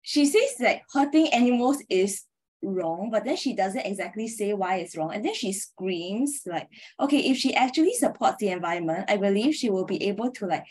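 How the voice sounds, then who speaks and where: A woman's voice: mid-range voice, lively intonation, normal speed, darkish tone, breathy edge. A young female student speaking casually over a video call, with many filler words. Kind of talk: class presentation discussion.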